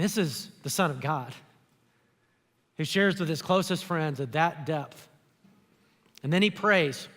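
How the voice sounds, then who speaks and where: Pastor, man, high voice, easygoing sermon style, big church reverb. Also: animated, measured pace, pauses often, fairly bright tone. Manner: conversational preaching, acts out quoted speech. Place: church auditorium.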